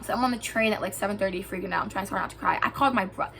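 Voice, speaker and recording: A young woman telling a storytime vlog, lively and swearing freely, acting out what people said to her. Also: mid-range voice, very fast, vocal fry, slight background noise. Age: young adult. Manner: animated, swearing, acts out quotes. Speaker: vlogger. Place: indoors, lying down at home.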